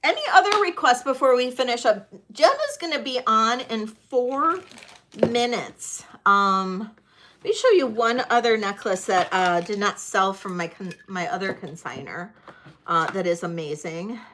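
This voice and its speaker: A middle-aged woman hosts a live-streamed vintage jewelry sale, talking slowly as she thinks aloud. Her voice has a bright, forward edge. She fills pauses with ums and chats casually with her viewers. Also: mid-range voice, expressive, a little hiss or hum.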